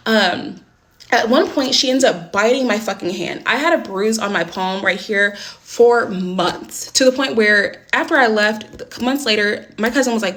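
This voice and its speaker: A young woman telling a personal story in a casual storytime vlog, blunt and swearing often, speeding up and getting animated when upset. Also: on the high side, normal speed.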